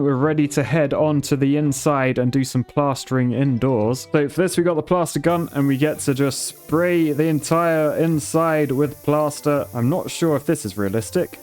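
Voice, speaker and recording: A man's voice: mid-range voice, darkish tone. An English man in his thirties giving chatty, self-mocking gameplay commentary with dry jokes.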